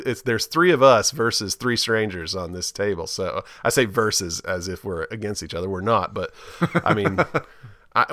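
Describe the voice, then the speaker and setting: Guy on a podcast, low-ish voice but bright and forceful, laughs a lot, dry close sound. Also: dry recording. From Alabama, USA. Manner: laughs often, chatty and enthusiastic. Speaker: podcast co-host. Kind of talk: casual chat.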